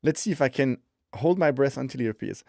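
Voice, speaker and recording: A man hosting a live podcast stream in casual chat, joking and thinking out loud while he waits for a guest. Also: medium pitch, expressive, fast talker, vocal fry, no room sound, studio quality. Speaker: podcast host.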